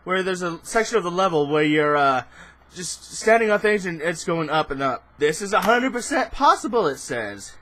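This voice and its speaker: A young man doing let's play commentary, excitable and laughing, shouting in bursts. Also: sits high, moderate pace, a little hiss or hum. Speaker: gaming channel host.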